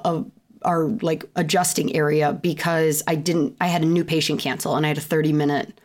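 A woman in her thirties with a Midwestern accent hosting a podcast, talking in a chatty, animated way with lots of fillers and asides. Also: on the low side. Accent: Midwestern American. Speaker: podcast host and chiropractor. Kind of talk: casual solo podcast intro.

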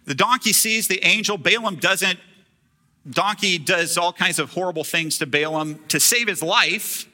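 A man's voice: sits high, normal speed, bright, forceful tone. A man preaching a sermon as a pastor, retelling a scripture story in casual, humorous storytelling.

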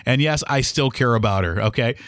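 A man's voice: mid-range voice, brisk, a bit bright, no room sound, clean studio sound. A middle-aged man hosting a solo podcast, talking in a rambling, heated way with many restarts and acted-out quotes. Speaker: podcast host.

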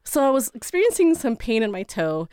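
A young adult woman co-hosting a podcast, telling a story in an animated way and laughing often mid-sentence. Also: fairly high pitch, a little fast, clean tone, no echo, studio quality. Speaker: podcast co-host. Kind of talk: casual chat, storytelling.

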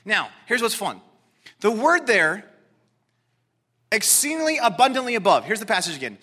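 High, lively, bright-voiced male preacher. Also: moderate pace, pauses often, husky. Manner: animated, emphatic preaching with repetition; excitable, talks directly to congregation. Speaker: pastor. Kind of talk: sermon.

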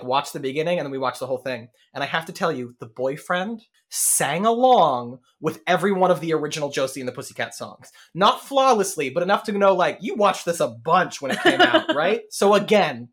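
A man co-hosting a podcast in casual chat, telling stories with quick asides and laughing as he goes. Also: on the high side, a bit bright. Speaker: podcast co-host.

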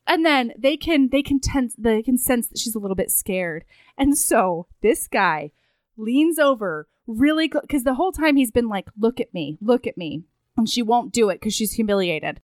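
A woman with a fairly high voice talks through a book's plot in loose, casual chat, giggling often and slipping into quoted voices. The sound is close and dry, with almost no room around it. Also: expressive, normal speed, no echo. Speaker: podcast co-host. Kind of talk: casual comedic chat recapping a book.

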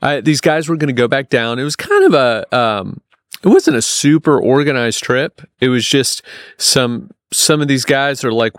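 A man telling a long personal story in casual podcast talk, full of restarts and fillers, getting animated when he quotes people. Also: mid-range voice, a little slow, no room sound, clean studio sound. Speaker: podcast guest.

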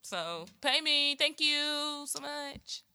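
A woman's voice: high voice, animated, slow pace, pushed and bright. A woman co-hosting a podcast in casual chat, chiming in with short agreeing reactions. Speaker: podcast co-host.

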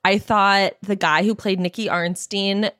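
A woman's voice: mid-range voice, fairly even intonation, a little slow, fairly bright tone, clear, resonant tone, no echo, studio quality. A woman co-hosting a podcast in casual chat, gushing, laughing often and swearing. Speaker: podcast co-host.

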